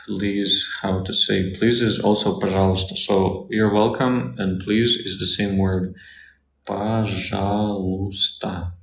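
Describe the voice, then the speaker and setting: A man with a Russian accent teaches in a slow, unhurried way and repeats each Russian word for his listeners. His voice sits very low and flat, with a gravelly edge. He is recorded in an echoey room with faint noise behind him. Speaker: Russian tutor. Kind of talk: casual Q&A lesson.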